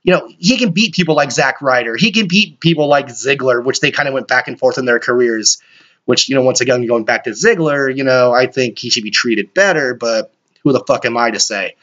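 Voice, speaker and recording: A man hosting a solo podcast, rambling excitably and swearing often. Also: medium pitch, a little fast. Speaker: podcast host. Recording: dull lo-fi recording.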